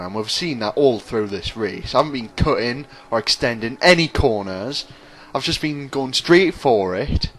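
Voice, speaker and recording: Rambling sarcastic man commentating a racing game. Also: on the low side. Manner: rambling, self-mocking, sarcastic. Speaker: gaming commentator.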